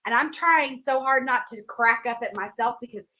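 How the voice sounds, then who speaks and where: A woman's voice: a little high, moderate pace, bright, forceful tone. A woman hosting a show, telling a story in casual chat and laughing at herself as she goes. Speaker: podcast host.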